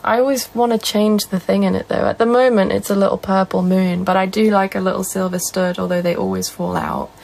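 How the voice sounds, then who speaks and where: A woman's voice: medium pitch, little pitch movement, brisk, vocal fry, hardly any pauses, a little mellow, poor audio. A young woman with a Northern English accent, casually chatting on a live stream and answering viewer comments. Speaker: livestreamer.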